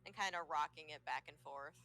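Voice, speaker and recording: A woman's voice: sits low, a little fast, bright, forceful tone. A woman playing in a tabletop role-play game, chatty and giggly. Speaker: player.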